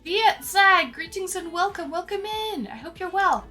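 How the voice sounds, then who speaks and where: A woman's voice: extremely high pitch, expressive, moderate pace, pushed and bright. A woman live-streaming, chatting casually with her viewers, greeting them by name and laughing a lot. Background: faint background music.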